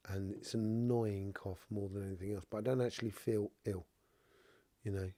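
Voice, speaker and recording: A man's voice: lowish voice, fairly even intonation, moderate pace, warm tone, dry recording. A middle-aged man with a cough and a stuffy nose, rambling casually through a live stream as he reads viewer comments. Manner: rambling, full of "you know" asides. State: has a cough and blocked nose. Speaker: spiritual reader hosting a live stream.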